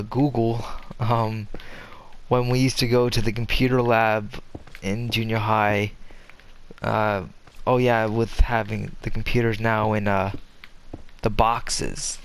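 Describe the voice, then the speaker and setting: A man's voice: fairly low pitch, clear, resonant tone. Rambling young man over gameplay. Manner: rambling, meandering with many fillers and restarts. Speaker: gaming commentator. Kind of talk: casual gameplay commentary.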